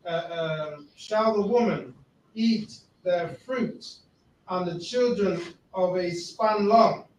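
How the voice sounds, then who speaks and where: A man's voice: high-pitched, slight background noise. Hesitant man reading scripture from afar. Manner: slow, hesitant, soft-spoken. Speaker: student asking a question. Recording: distant echoey room mic.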